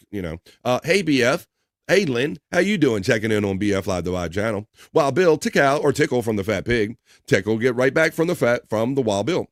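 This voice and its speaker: A man's voice: mid-range voice, animated, a little fast, noisy background. A man hosting a live stream, loosely chatting, swearing casually and reading out viewer comments.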